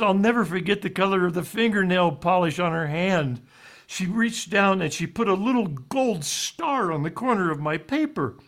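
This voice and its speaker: A man's voice: fairly high pitch, a bit bright. A man telling a heartfelt story as a guest on a talk show, earnest and folksy, with plenty of "uh"s. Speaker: guest speaker.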